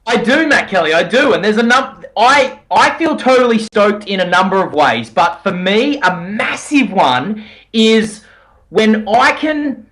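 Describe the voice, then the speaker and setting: An energetic man co-hosting a casual podcast, his voice sitting high and swooping widely as he jokes and riffs. He teases his partner playfully, talking over a call. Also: a little slow, poor audio. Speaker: podcast co-host.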